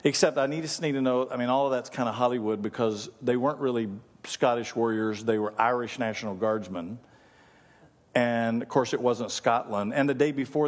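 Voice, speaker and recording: A male pastor preaching a sermon, telling stories and then leading his congregation in prayer. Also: medium pitch. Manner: storytelling, leads the congregation in prayer. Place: church sanctuary. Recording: long reverb of a large hall.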